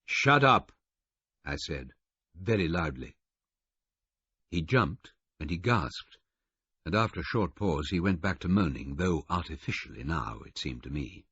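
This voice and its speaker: A man narrating a first-person audiobook with a husky voice and a measured, understated delivery. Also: a bass voice, lively intonation, dry recording. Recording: muffled lo-fi recording.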